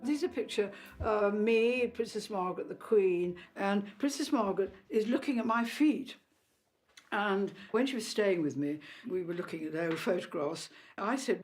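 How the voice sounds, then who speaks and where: A woman in her eighties, a former lady-in-waiting, recalling old memories in an interview with fond, halting storytelling. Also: mid-range voice, a little mellow. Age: 80s. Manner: hesitant, fond storytelling with fillers. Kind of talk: interview reminiscence.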